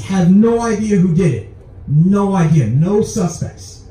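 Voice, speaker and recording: A young man works through a stand-up set on a club stage. His voice sits a little high but sounds mellow, and he springs into squeaky put-on voices for his punchlines. The room rings with a heavy echo, and the mic is set back from him. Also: lively intonation, a little slow, distant mic. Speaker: stand-up comedian.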